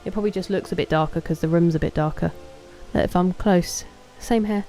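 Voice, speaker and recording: A woman live-streaming a game talks casually with her chat, greeting and thanking people one by one. Her voice sits fairly low and sounds mellow and warm. Faint game music plays underneath. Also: a little fast, poor audio. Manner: chatty, thanking and answering chat.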